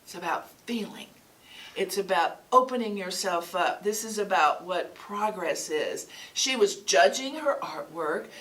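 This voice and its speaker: A woman's voice: medium pitch, fairly bright tone. A woman giving an earnest, sermon-style talk, telling stories and often repeating words as she goes. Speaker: spiritual speaker. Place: small shop gathering room. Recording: distant mic, faint room noise.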